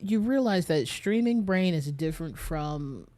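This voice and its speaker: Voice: medium pitch, expressive, measured pace, dark tone. Young streamer rambling to chat between game bits, kinda tired, bit out of breath. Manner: rambling, talks straight to chat. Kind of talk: casual live-stream chat while playing a game.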